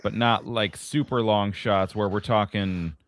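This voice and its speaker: A man's voice: fairly low pitch, fairly even intonation, measured pace, dry recording, clean studio sound. A man co-hosting a sports podcast, asking curious questions in casual chat. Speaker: podcast co-host.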